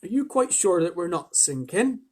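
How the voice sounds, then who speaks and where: A man voicing a polite, fussy female ladybird with a high voice. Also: big pitch swings, moderate pace, a little mellow, husky, heavily acted. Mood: anxious. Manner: prim, anxious politeness.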